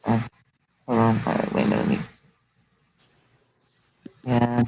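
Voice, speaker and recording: A man hosting a casual live video chat over a call, talking in a halting, distracted way with many restarts. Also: mid-range voice, completely flat delivery, creaky, a little mellow, a little hiss or hum, poor audio. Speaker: show host sharing his screen.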